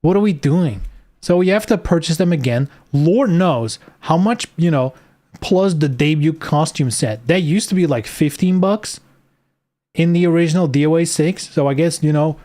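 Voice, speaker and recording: A man's voice: on the high side, darkish tone. A man streaming live, reading game news aloud and ranting about it sarcastically, swearing often.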